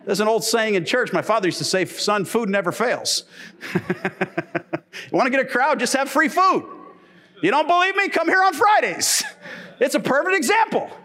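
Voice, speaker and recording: A middle-aged man preaches from the pulpit, telling funny stories with an animated, playful delivery. His voice sits high and leaps all over the place. The pitch swings widely, and he laughs freely between his points. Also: moderate pace, long pauses. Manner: animated, humorous storytelling preaching, laughs often. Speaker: pastor. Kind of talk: sermon. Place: church.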